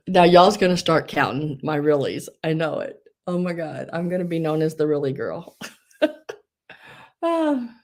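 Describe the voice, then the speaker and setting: A woman's voice: low-pitched, sing-song, takes it slowly, pauses often, darkish tone. A woman hosting a live online sale, chatting casually, giggling often and restarting her sentences.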